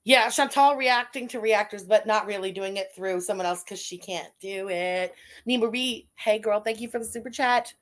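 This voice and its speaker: A woman's voice: medium pitch, moderate pace, few pauses. A woman with a Canadian accent hosting a casual commentary stream, blunt and sarcastic, swearing freely as she reads out super chats.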